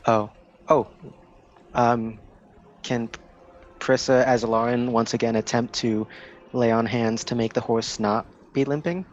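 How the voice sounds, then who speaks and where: A man's voice: mid-range voice, steady tone, a little slow, long pauses, highs cut off, a little hiss or hum. A man playing a tabletop game, talking hesitantly with many fillers. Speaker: player. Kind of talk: casual game talk.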